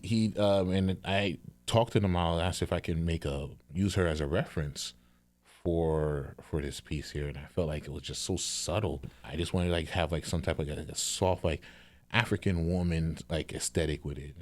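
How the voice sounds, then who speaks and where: A man guesting on a podcast, telling animated stories and laughing through his lines. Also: sits low, normal speed, dry recording. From New Jersey. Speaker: guest artist. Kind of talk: casual podcast chat.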